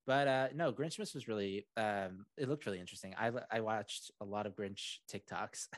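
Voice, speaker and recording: Podcast host guy, lowish voice, rambly with lots of likes, dry close mic. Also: normal speed, dry recording. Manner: rambling, many fillers and restarts. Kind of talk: casual podcast chat.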